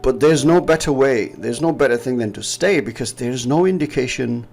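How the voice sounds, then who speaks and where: Man, Pakistani English accent, mid-range voice with some fry, rambling explainer who often laughs. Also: mid-range voice, moderate pace, darkish tone, soft background music. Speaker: trading educator. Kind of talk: casual chart-analysis chat.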